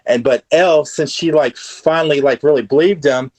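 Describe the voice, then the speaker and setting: Guy talking fast and excited, lots of you knows, dry mic, kinda high voice. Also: no echo. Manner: excitable recapping, lots of fillers. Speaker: podcast guest. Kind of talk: casual chat.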